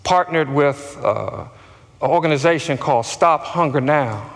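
A high-pitched man delivers a sermon at an unhurried pace. He stresses his words and has listeners echo phrases back. His voice carries a long reverb of a large hall. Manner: slow, emphatic preaching with call-and-response. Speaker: pastor.

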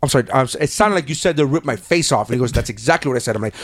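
A man's voice: mid-range voice, racing, no echo, clean studio sound. A man co-hosting a podcast, telling a story in casual chat, swearing often and acting out the people he quotes. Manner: swears freely, animated retelling with quoted voices. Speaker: podcast co-host.

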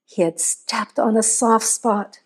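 A woman reading a scripted horror story aloud in a measured, steady storytelling voice. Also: fairly high pitch, slightly rough. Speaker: narrator.

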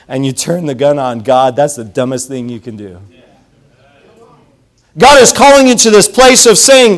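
A man preaching a sermon, telling a story with animated swings between loud calls and hushed asides. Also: fairly high pitch, moderate pace, pauses often.

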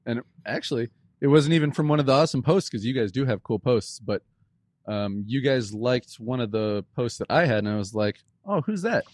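A man's voice: mid-range voice, fairly quick, a little mellow, dry recording, studio quality. A man hosting a podcast, chatting in a friendly, curious way and adding little asides. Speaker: podcast host. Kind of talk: casual interview chat.

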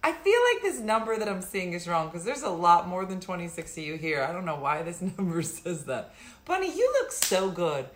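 A woman's voice: lowish voice, very animated, normal speed, slight background noise. A middle-aged woman hosting a live stream, chatting casually, rambling and laughing often. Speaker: livestream host.

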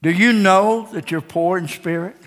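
A man's voice: high-pitched, moderate pace, fairly bright tone. A man preaching a sermon in a church, telling folksy stories and joking with his congregation before calling them to the altar. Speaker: pastor. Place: church sanctuary. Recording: live church sound with long reverb and faint guitar.

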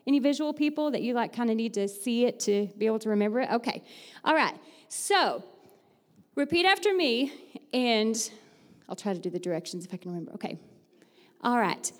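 A woman with a high voice speaks in a bright teacher voice, upbeat and chatty, laughing easily as she leads a church group. Her words ring out with a long reverb off the hall. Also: lively intonation, brisk. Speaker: fourth-grade teacher giving a church talk. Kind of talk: lively church devotional with audience participation.

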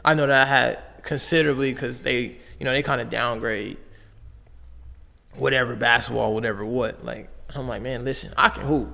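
A man's voice: mid-range voice, steady tone, normal speed, creaky, bright, forceful tone, in a large hall. A young man from Las Vegas, a basketball player telling his story in loose, slangy casual talk full of fillers and restarts. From Las Vegas, USA.

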